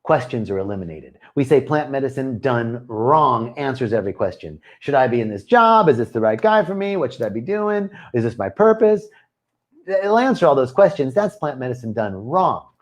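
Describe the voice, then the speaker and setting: A man's voice: mid-range voice, very animated, normal speed. A man leading a retreat, giving a spiritual talk to a live online audience, earnest and given to repetitive, chant-like phrasing. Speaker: retreat leader and spiritual teacher.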